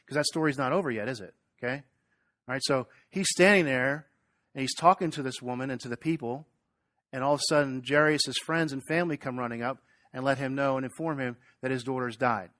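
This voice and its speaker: A man delivers a sermon in a relaxed, conversational way, often checking in with his listeners with little questions. His voice sits at an ordinary middle pitch. The sound is dry and close, with little room echo. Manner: conversational, asks the congregation questions; animated retelling with acted quotes. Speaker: pastor.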